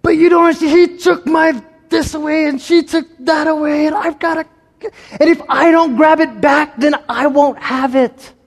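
A man voicing a whining child who complains about a sibling, in a high, pleading tone. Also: steady tone, moderate pace, gravelly, long reverb tail.

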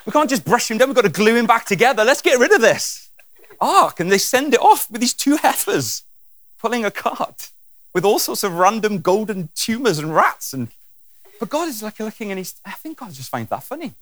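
A man's voice: sits high, fairly quick, no room sound. A man preaching a sermon with humour, acting out scenes and voices as he goes. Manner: animated and humorous, acting out scenes.

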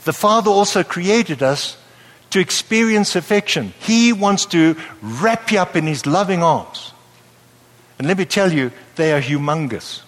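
A man preaching a sermon to a live audience in a lively, playful way, often checking that his listeners follow him. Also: high voice, unhurried. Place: church hall with a live audience. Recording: long hall reverb.

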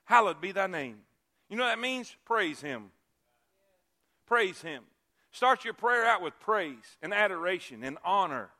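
A male pastor preaching a sermon, repeating key phrases and swinging from loud emphasis to hushed asides. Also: sits high, sing-song, a little slow.

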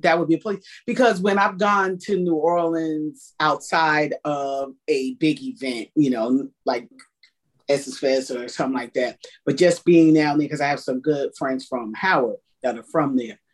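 A woman's voice: sits low, moderate pace. A woman in casual chat, outspoken and emphatic.

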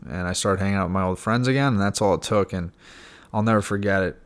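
A young man with a low-pitched voice recounts his own past in a loose, candid podcast style. He talks frankly, leans on fillers and now and then swears casually. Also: quick pace. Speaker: podcast guest sharing his recovery story. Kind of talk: candid personal storytelling.

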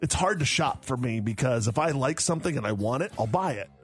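A man's voice: medium pitch, animated, fairly quick, breathy edge. A man hosting a morning radio show, chatting casually and joking with his co-host. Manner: joking, stammers and laughs a lot.

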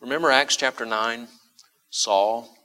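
A male pastor delivering a sermon in a bright, forward voice. He presses his points with emphatic repetition and throws rhetorical questions out to his listeners. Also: medium pitch, measured pace. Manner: emphatic, repeats key phrases for stress; asks the congregation rhetorical questions.

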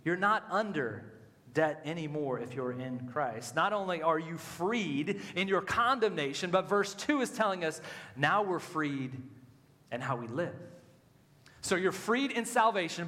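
A man preaching a sermon as a pastor, animated and swinging between loud emphasis and quiet, low passages. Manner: animated, rising and dropping with emphasis, voicing inner thoughts. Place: church sanctuary. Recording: hall reverb.

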